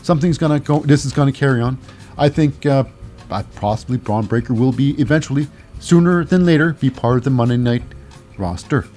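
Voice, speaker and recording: A man's voice: medium pitch, fairly quick, dark tone, faint music behind. A man hosting a podcast and recapping wrestling in a casual, rambling way, with many fillers and restarts. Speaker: podcast host.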